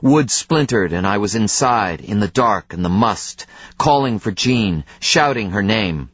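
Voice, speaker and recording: Male narrator for a first-person thriller audiobook, measured and tense, dry close sound. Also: fairly low pitch, animated, a bit bright, breathy edge, no room sound, muffled recording.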